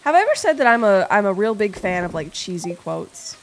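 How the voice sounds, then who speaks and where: A woman's voice: medium pitch, very animated, fairly quick. A young woman streamer chatting casually with her chat, playful and rambling, swearing freely and reading messages aloud.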